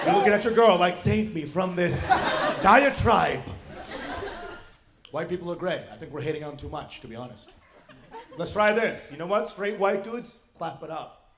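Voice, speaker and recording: A man doing a stand-up set on a club stage, brash and punchy, shouting his punchlines into a handheld mic. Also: on the high side, background noise. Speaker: stand-up comedian. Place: comedy club stage with laughing audience. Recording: loud audience laughter over the voice.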